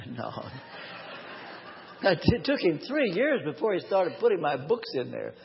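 A man preaching a live sermon in a church, telling a personal story earnestly and slowing down to stress key phrases. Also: a little high, sing-song, gravelly, slight background noise. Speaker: pastor. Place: church or large hall, live. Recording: long hall reverb, dull lo-fi sound.

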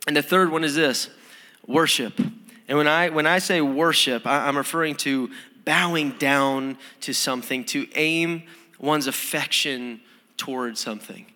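Young male preacher, bright and forceful, casual earnest delivery, church hall reverb. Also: on the high side, measured pace. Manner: earnest, conversational, with frequent fillers and restarts. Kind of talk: sermon. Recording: sermon in a hall with long reverb.

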